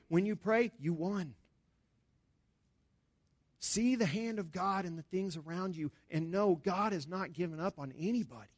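A pastor delivers a sermon with his voice sitting somewhat high for a man. He talks to the congregation in an earnest, conversational way, lifting his voice with emphasis on the points he wants to land. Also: no room sound.

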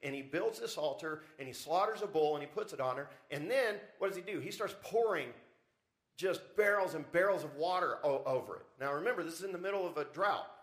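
A man's voice: fairly high pitch, expressive, fairly quick, a bit bright. Preaching man, emphatic sermon delivery. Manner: preaching with rising emphasis and rhetorical questions. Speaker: pastor. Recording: church service audio recording.

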